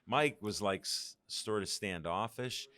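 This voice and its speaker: An older man rambles through anecdotes in a fairly low voice, slipping into the voices of the people he quotes. His laugh breaks in often. The sound is dry and close, with no room around it. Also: a little slow, sharp tone, no room sound. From Pittsburgh. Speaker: guest. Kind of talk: casual storytelling interview.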